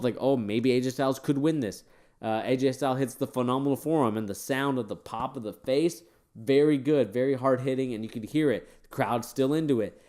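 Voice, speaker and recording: A man's voice: mid-range voice, darkish tone. A man giving casual, opinionated commentary on a wrestling event, rambling with fillers and sounding tired. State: tired, yawning. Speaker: wrestling show reviewer.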